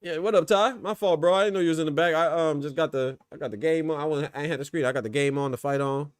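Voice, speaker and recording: A man's voice: on the high side, fast, clean tone, no echo, clean studio sound. A man hosting a boxing podcast, giving loose, slangy live fight commentary and talking to his chat.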